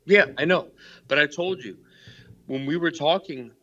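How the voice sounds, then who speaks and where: A man's voice: on the high side, normal speed, bright, forceful tone. A male caller on a live stream, defensive and rambling, swearing a lot in a heated argument. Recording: dull lo-fi call-in audio.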